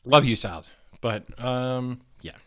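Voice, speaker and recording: A man's voice: medium pitch, slow pace. A man hosting a podcast and telling a comic anecdote in a profane way, breaking into laughter. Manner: animated, profane, laughing storyteller. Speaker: podcast host telling a story. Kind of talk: comedic anecdote.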